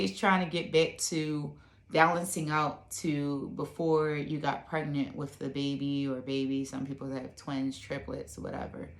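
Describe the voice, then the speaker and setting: A woman with a very low voice talks casually to the camera in an echoey room at home. She rambles and fills her speech with "like" and "you know.". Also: level tone, a little slow. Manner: chatty and rambling, many fillers. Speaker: vlogger.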